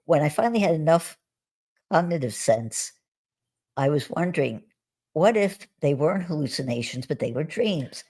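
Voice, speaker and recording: An American woman with a low, slightly husky voice recounts her experiences as a guest on a live video call, storytelling conversationally on a live stream. She's relaxed and speaks at a normal speed, often restarting sentences and laughing softly.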